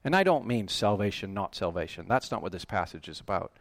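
A man preaching a sermon, animated and emphatic, often rising to loud, excited peaks. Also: low-pitched, fairly quick, no echo. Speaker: pastor.

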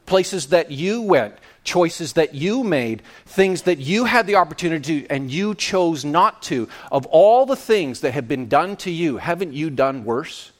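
A man preaching a sermon in an animated, playful way, acting out little scenes and quotes. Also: on the high side, unhurried, few pauses.

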